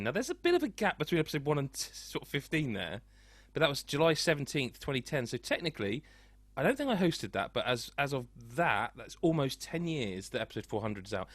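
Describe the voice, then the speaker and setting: A man's voice: medium pitch, dry recording. A man hosting a casual video game podcast, chatty and self-deprecating, rambling with restarts. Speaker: podcast host. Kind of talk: casual chat.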